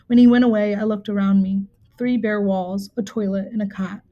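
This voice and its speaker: A woman reading a nonfiction book aloud in a steady, measured storytelling manner, with occasional small slips. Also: mid-range voice, dull audio. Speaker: reader.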